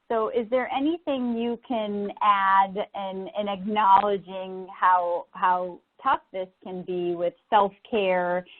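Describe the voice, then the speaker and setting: A woman moderating a webinar, conversational and stumbling on her first words as she poses questions. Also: medium pitch. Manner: conversational, repeats words when starting a sentence. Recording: tinny phone-like call audio.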